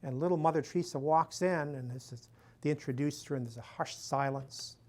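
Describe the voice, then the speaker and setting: A man's voice: on the high side, a little fast. An older man, a priest, giving a talk to a live audience in a folksy way, chuckling at his own jokes and filling in with "you know" and "and so on".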